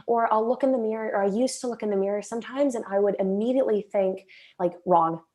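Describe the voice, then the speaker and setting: A woman's voice: fairly high pitch, fairly even intonation, quick pace, mellow. A young woman as a guest in a casual video-call chat, talking freely with many "like"s and acting out her own inner voice. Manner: chatty, many filler "like"s, acts out her inner voice.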